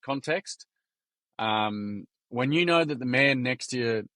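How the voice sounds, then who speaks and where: This Australian-accented podcast guest, a man in his forties from the Gold Coast in Queensland, talks slowly in an expressive, mid-range, fairly bright voice with no echo. His storytelling is candid, casual and blunt, full of swearing and slang, with plenty of "mate" and "like."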